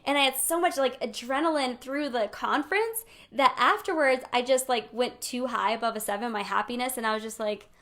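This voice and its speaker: Bubbly woman with a bright high voice. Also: brisk, hardly any pauses. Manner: bubbly and chatty, laughs often; encouraging, speaks directly to viewers. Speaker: host of a live weekly card pull. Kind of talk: live-streamed casual spiritual coaching.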